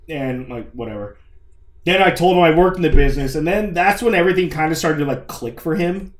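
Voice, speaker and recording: A man's voice: a little high, fast talker. A young man telling a story in a casual, profane way, acting out his own lines and quoting others. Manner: animated, profane, acts out quotes. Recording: echoey room.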